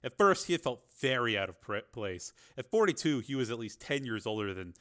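A man's voice: medium pitch, sing-song, a little fast, a bit bright. A man narrating a novel as an audiobook, reading steadily with the odd filler.

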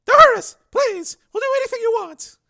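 A man reading a crime novel aloud, putting on a shrill falsetto for frightened, pleading young women. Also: lively intonation, a little fast, vocal fry, sharp tone, heavily acted. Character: terrified young female prostitutes, pleading.

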